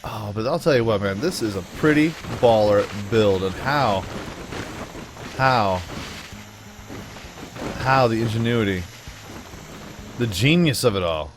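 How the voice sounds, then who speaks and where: A man's voice: fairly low pitch, expressive, unhurried, pauses often, over music. A man giving loose, jokey let's play commentary as a gaming channel host, enthusiastic and rambling. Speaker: gaming YouTuber.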